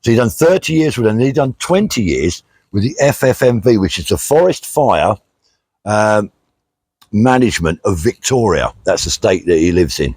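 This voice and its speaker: A man's voice: on the low side, very animated, normal speed, darkish tone, breathy edge. A middle-aged British man hosting a casual vlog outdoors, chatting plainly and reading out thank-yous to donors, with many fillers. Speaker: vlog host, charity walker. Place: outdoors on a country walk.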